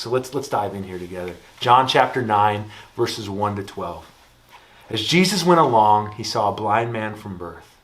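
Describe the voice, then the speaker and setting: Relaxed Midwestern man giving a sermon. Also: lowish voice. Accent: Upper Midwest American. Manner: relaxed storytelling, lively when telling anecdotes. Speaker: campus ministry pastor.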